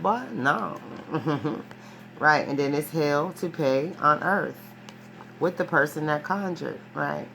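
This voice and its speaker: A tarot reader with a deep, low, gravelly voice talks loosely through a casual reading, emphatic, animated and profane. She circles back on phrases with frequent restarts and keeps asking "right?", with faint hiss in the background.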